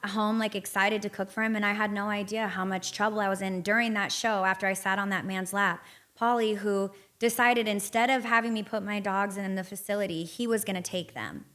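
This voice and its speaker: A woman's voice: medium pitch, a bit bright. A woman guest on a podcast, telling her story with frank, profane candor and often reenacting past conversations. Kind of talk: candid interview storytelling.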